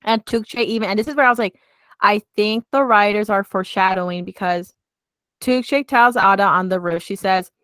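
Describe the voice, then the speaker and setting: A woman's voice: mid-range voice, steady tone, moderate pace, a bit bright, dry recording. Chatty giggly woman with a dry close sound. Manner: chatty, giggly, heavy use of "like". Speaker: podcast co-host. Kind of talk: casual chat recapping a drama series.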